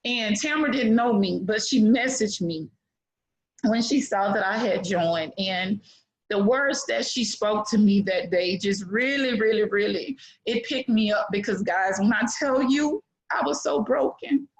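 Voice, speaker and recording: A woman's voice: medium pitch, measured pace, rough recording. Heartfelt middle-aged woman on a call. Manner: heartfelt, preachy, many fillers. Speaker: webinar participant giving a testimonial. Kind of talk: emotional testimonial. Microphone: online call.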